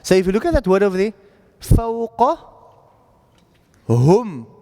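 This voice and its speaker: A man with a fairly high voice teaches Quran recitation to a class. He talks casually and keeps checking that his students follow with a quick "right?". The sound rings with a long echo, as if recorded in a large hall. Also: big pitch swings, dark tone. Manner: informal, checks understanding often with "right?". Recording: echoey classroom audio.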